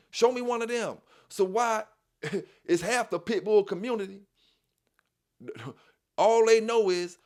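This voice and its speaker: A man hosting a dog news channel, talking casually to viewers in a repetitive, preachy street style full of "you know what I'm saying.". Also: high voice.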